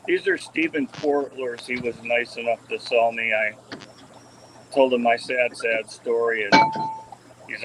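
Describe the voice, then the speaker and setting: A man with a medium-pitched, steady voice talks in an unhurried way as he tours his tanks, a fish breeder chatting casually on a live video call. He rambles, restarting often and filling gaps with ums. The camera mic catches him in an indoor fish room among aquarium tanks, and the recording is very noisy.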